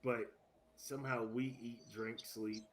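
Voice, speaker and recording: Male sports podcast co-host, casual and animated, laughs at his own jokes. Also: mid-range voice, a little slow.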